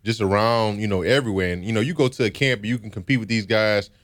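Speaking fast in a fairly low voice with fairly even intonation, a young ex-football player from Baton Rouge, Louisiana shares his story during an interview. He comes across as earnest and reflective, with frequent "you know"s.

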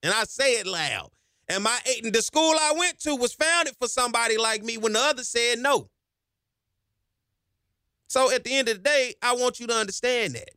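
A man's voice: very high-pitched, normal speed, pushed and bright, clean tone, no room sound, studio quality. A man hosting a talk radio show, speaking with passion and getting himself hyped up as he goes. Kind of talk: energetic talk radio monologue. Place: radio studio. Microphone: studio microphone.

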